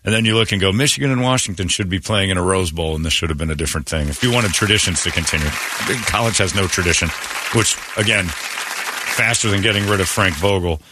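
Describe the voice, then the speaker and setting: A man's voice: low-pitched, fast talker, sharp tone, husky, a faint crowd. A man hosting a morning radio show, ranting with sarcastic, opinionated jabs. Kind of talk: casual morning radio rant.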